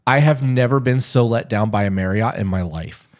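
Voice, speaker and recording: A man's voice: on the low side, moderate pace, darkish tone. A young man co-hosting a podcast in casual chat, sounding congested, loose and joking, swearing freely. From Tennessee. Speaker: podcast co-host.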